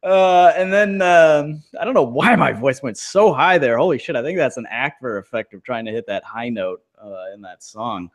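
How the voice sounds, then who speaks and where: A man's voice: mid-range voice, fairly quick, hardly any pauses, fairly bright tone. A man co-hosting a podcast in a casual, rambling chat, full of fillers and swearing. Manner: rambling, filler-heavy, profane. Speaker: podcast co-host.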